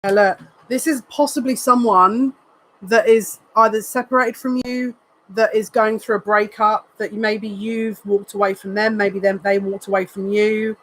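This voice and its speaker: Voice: mid-range voice, steady tone, unhurried, a bit bright, rough recording. A psychic reader giving a live tarot card reading in an earnest, emotional way, repeating phrases and thinking aloud as they turn the cards. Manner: emotional, says they are near tears.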